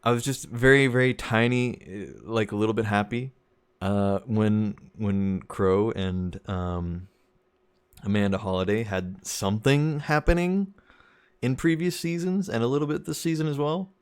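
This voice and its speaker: A man's voice: medium pitch, moderate pace, clean tone. A young man streaming a game, chatting casually and rambling, often chuckling at his own jokes. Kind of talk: casual gameplay commentary.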